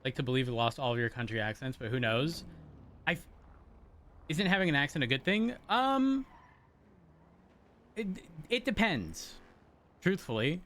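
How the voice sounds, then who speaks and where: A man's voice: mid-range voice, sing-song, moderate pace, long pauses, fairly bright tone, a little hiss or hum. A man streaming and chatting casually with viewers while gaming, rambling through explanations with many restarts. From rural area, then a city. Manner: rambling, self-interrupting explanations.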